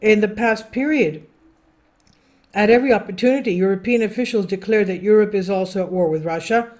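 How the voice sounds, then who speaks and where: A woman runs a political commentary channel and reads a news article aloud, adding her own remarks, correcting herself, and stumbling over foreign names. She speaks at a medium pitch, a little fast, with a slightly mellow quality.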